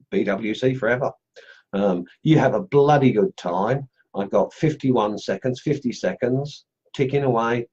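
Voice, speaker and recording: A man's voice: medium pitch, darkish tone, husky, highs cut off. A middle-aged man hosting a live stream for a carving group, chatting casually with plenty of fillers and restarts. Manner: rambling, many fillers and restarts.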